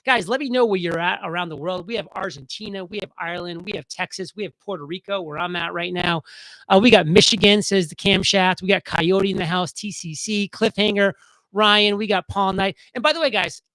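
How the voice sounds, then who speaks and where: A man hosting a casual live stream, talking fast and excitedly as he reads viewer comments aloud. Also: high voice, dry recording, low-quality recording.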